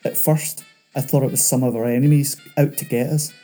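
A man voicing a chatty male escaped convict who talks fast and nervously. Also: medium pitch, steady tone, warm tone, soft background music, natural voice.

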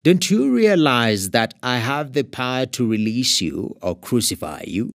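A man reading aloud as a stern, demanding Roman governor with a sharp, questioning manner. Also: mid-range voice, big pitch swings, unhurried, dry recording, clean studio sound.

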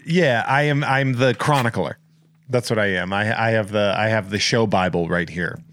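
A man's voice: on the low side, moderate pace, dry recording. Joking man hosting a podcast. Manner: joking, rambling shout-outs. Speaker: podcast host. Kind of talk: casual chat.

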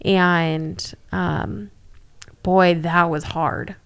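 Woman, lowish voice, gravelly, candid, casual podcast chat. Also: steady tone, very slow. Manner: candid, frank, swears. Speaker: podcast co-host.

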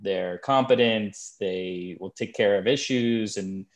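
A man's voice: lowish voice, takes it slowly. A man co-hosting a podcast, chatting casually and telling rambling stories with frequent restarts. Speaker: podcast co-host.

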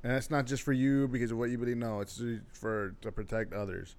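A man's voice: medium pitch, fairly quick, darkish tone. A man hosting a casual podcast chat, talking bluntly and swearing freely as he rants. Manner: profane, blunt, ranting. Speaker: podcast host.

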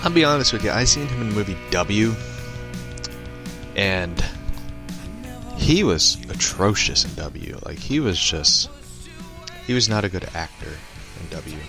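A man's voice: on the low side, lively intonation, measured pace, pauses often, over music. A young man giving a rambling, profane opinion rant and chuckling between remarks. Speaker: online commentator.

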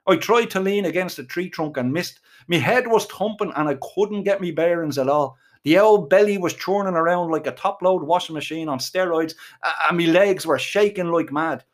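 A man's voice: high-pitched, normal speed, hardly any pauses. A middle-aged Irish man telling a crude, comic story with colourful swearing.

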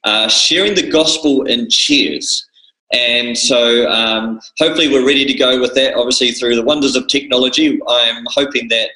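Guy preaching in a church, bright forceful voice, echoey room. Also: medium pitch. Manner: earnest, with frequent restarts. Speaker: pastor. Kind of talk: sermon.

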